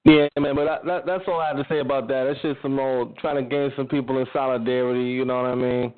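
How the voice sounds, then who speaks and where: A man's voice: mid-range voice, steady tone, quick pace. A man in a casual chat, talking in a laid-back way and laughing between remarks. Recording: tinny phone-like line.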